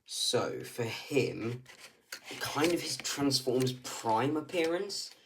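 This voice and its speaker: Man, slow talker, halting and casual, faint background noise. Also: mid-range voice, very animated. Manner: hesitant, loose, full of ums and likes. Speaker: stop-motion creator running a casting call. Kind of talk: casual talk to camera. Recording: voice slightly distant from the mic.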